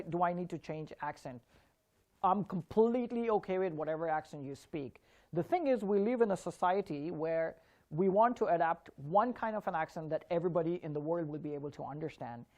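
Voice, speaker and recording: A man giving an online spoken English lesson, drilling words slowly and clearly and encouraging his learners. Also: high-pitched, a little mellow.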